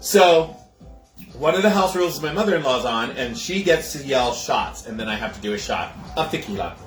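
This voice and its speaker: A man's voice: medium pitch, lively intonation, a little fast, echoey room, soft background music. A man hosting a casual livestream cocktail show from his home kitchen, chatting with viewers, greeting them by name and laughing often.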